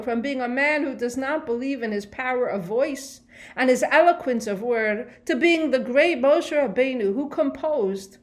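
Expressive woman teaching Torah. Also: sits high. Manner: expressive, rhetorical questions, Hebrew phrases translated line by line. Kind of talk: Torah lesson on the weekly portion.

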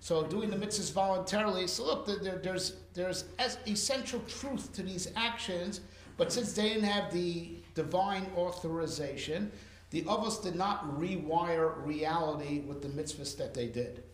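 A man's voice: high-pitched, moderate pace, echoey room. A man teaching a casual Torah class, talking conversationally with Hebrew and Yiddish terms and frequent "right?" checks.

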